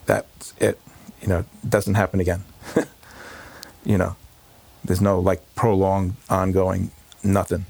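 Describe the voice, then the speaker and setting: A man, a rabbi, recalling a painful day in an emotional interview, talking in halting bursts with many fillers and restarts. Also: low-pitched, completely flat delivery, gravelly, a little mellow, slightly rough. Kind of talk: emotional personal recollection. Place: home.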